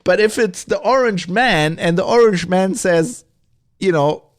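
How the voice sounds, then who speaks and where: A middle-aged man hosting a podcast, talking in a rambling, animated way with many restarts and asides. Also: high-pitched, measured pace. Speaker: podcast host. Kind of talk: opinionated solo podcast talk.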